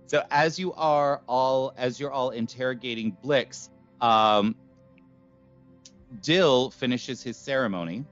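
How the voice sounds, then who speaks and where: Dm casting: easygoing man at mid pitch, dull lo-fi audio, faint music behind. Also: takes it slowly, fairly bright tone. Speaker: dungeon master. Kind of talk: running a tabletop game.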